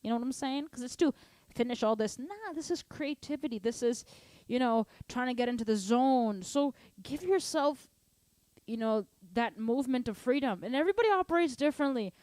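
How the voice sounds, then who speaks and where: Animated woman drum teacher counting rhythms. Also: high-pitched, a little fast, no room sound. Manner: chatty, long-winded explanations. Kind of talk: casual online drum lesson Q&A.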